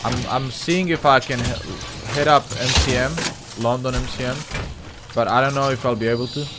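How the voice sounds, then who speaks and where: A man streaming a shooter game, chatting casually and swearing, with bursts of excited callouts. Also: mid-range voice, moderate pace, music in the background. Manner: loose, profane, excitable callouts. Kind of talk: casual chat while gaming. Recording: noisy game stream audio.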